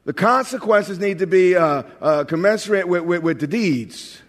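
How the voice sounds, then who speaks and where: A man's voice: high voice, animated, normal speed. A pastor from New York preaching a sermon in a conversational, joking way, often restarting his phrases. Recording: long hall reverb.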